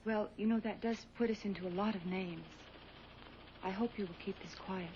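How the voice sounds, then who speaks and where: An actor playing a brisk, businesslike woman who runs a dating agency. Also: medium pitch, close to an everyday voice. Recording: dull old TV soundtrack, hiss.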